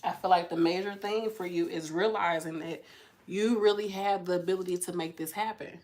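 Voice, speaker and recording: A woman's voice: lowish voice, steady tone, a little fast, darkish tone. A woman hosting a casual pick-a-card tarot reading, talking in a chatty, effusive, slangy way to her viewers.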